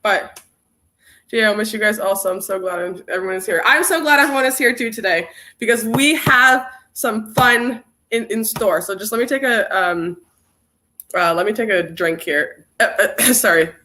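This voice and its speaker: Young woman host, bright energetic voice, casually greets viewers and reads comments on a stream. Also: mid-range voice, normal speed. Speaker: workshop host. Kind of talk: casual livestream chat.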